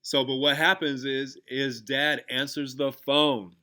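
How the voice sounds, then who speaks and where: A podcast host who is also a teacher speaks slowly in a level, medium-pitched voice that is bright, forceful, clear, and resonant. He guides a gratitude exercise in a casual, filler-heavy way, restarting often, and recounts a story from class.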